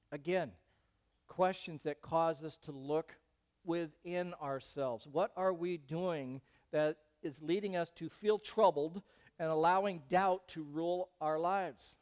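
A male pastor preaching a sermon in an animated way, rising into loud, emphatic bursts. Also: on the high side, slow pace.

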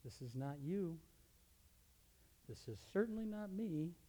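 A man, a teacher, telling a personal story as a testimony, animated and with his voice rising sharply in the retold scenes. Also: fairly high pitch, measured pace. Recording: long reverb of a large hall.

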